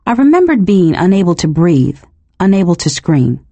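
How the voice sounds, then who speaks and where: A woman reading a novel aloud as first-person narration, measured and expressive. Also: fairly low pitch, no echo. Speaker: audiobook narrator.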